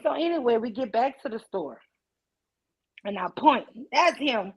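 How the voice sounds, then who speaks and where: A woman's voice: on the high side, measured pace, husky. Woman telling a story. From New Orleans. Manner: animated, addresses listeners as y'all, acts out voices in her story. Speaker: participant sharing a personal story. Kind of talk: casual storytelling in a group call. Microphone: online call device. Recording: dull lo-fi call audio.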